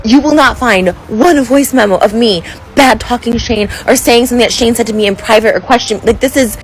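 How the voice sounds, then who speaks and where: Her pitch fairly high and her delivery brisk, an upset social media influencer vents to her phone camera, nearly crying as she rambles, piles on fillers and breaks off mid-thought. Faint music plays behind her on a rough recording.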